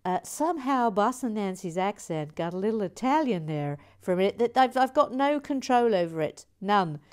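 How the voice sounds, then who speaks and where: A woman's voice: mid-range voice, animated, normal speed, clear, resonant tone. A woman hosting a LEGO building livestream, chatting playfully, reading out viewer comments and scatting little nonsense tunes as she builds.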